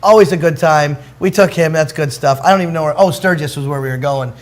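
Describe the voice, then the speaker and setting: A middle-aged man with a high voice hosts a relaxed talk show. He rambles through long stories, chuckling as he goes. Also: fast talker. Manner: rambling storyteller, chuckles between lines. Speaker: show host. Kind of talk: casual chat.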